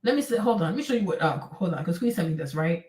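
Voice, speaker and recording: Hosting a livestream, a woman dishes out blunt relationship advice in a brash, profane, mocking manner. Her lowish, darkish voice is animated and fast, and she sounds far from the mic in an echoey room.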